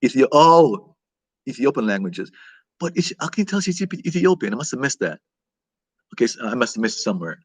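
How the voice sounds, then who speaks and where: A man's voice: mid-range voice, big pitch swings, fairly quick, husky, no room sound. A man hosting a casual live-stream chat, rambling and reacting aloud to viewer comments. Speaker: vlog host reading live chat.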